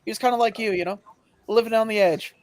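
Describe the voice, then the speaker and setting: A man's voice: high-pitched, fairly even intonation, fast. A man speaking as a guest on a casual livestream, teasing and laughing easily.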